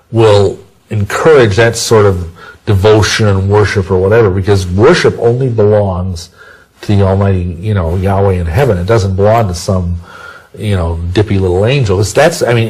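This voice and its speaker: Husky low-voiced man rambling in interview. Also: a little mellow, low-quality recording. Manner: rambling, with many restarts and homely sayings. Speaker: interview guest. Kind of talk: conversational interview testimony.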